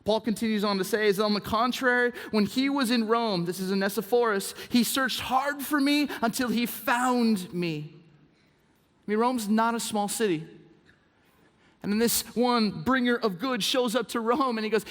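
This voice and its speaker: A man preaching a sermon as pastor, telling stories in an animated way, swinging from hushed to exclaiming. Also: very high-pitched, moderate pace. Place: church auditorium. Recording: reverb from a large hall.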